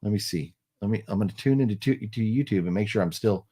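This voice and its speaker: A young American man chats through a live stream in a loose, rambling way. He restarts his sentences and fills the gaps with "um" and "like." His speaking voice sits slightly low for a man. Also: quick pace, mellow, breathy edge. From United States. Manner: rambling, many fillers and restarts, friendly. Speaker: livestream host. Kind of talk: casual live chat reading super chats.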